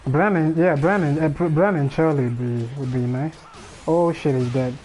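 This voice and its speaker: Mellow-voiced man rambling on a stream. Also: fairly high pitch, normal speed, slight background noise, poor audio. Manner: rambling, thinking aloud with many restarts. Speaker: livestream host. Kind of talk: casual livestream chat. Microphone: streaming microphone.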